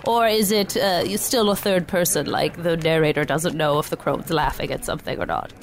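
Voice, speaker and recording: A woman improvising a cheerful, faintly sinister old crone who runs a bakery. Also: moderate pace. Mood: playful. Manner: chirpy sales pitch, playful and evasive. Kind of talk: improvised comedy role-play.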